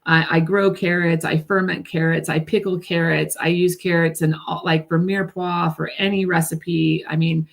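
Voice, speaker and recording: A woman's voice: fairly low pitch, flat delivery, moderate pace, creaky, few pauses. A woman guest in a casual interview, talking earnestly with lots of fillers and restarts, speaking from home. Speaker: guest, food nonprofit executive director. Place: at home by her garden.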